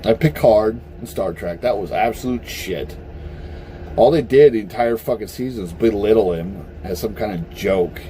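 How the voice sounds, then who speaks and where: A man's voice: lowish voice, normal speed, slight background noise. A man ranting casually to camera in a blunt, profane, heated way. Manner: animated, heated. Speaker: vlogger. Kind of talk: casual opinion rant.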